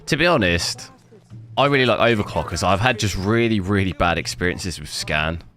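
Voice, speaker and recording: Deep-voiced young Englishman chatting to viewers. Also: animated, moderate pace, a bit bright. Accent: southern English with a London twang. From south coast of England. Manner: chatty, stammers and repeats words. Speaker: gaming streamer. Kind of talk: casual live-stream chat with viewers. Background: game music.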